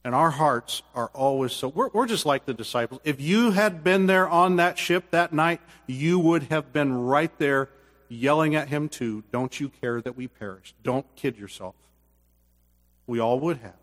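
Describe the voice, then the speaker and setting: A man preaching a sermon as pastor, earnest, swinging from loud bursts to hushed quiet, then leading a closing prayer. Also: on the high side, normal speed, in a large hall.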